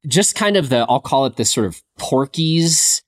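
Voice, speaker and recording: A man co-hosting a podcast, leading a relaxed film chat and thinking aloud with fillers. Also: medium pitch, moderate pace. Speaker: podcast co-host. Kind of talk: casual film discussion.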